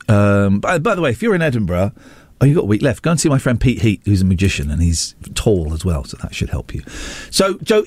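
A man's voice: mid-range voice, darkish tone, no echo. A man hosting a radio show in casual banter, playful and self-mocking. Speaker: radio host. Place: radio studio.

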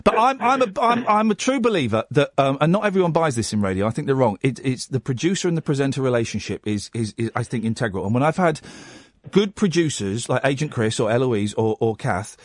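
A man's voice: mid-range voice, fast, no room sound, clean studio sound. A man hosting a radio phone-in, chatting casually and restarting his sentences often. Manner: animated, self-deprecating, stammers and restarts. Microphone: studio microphone.

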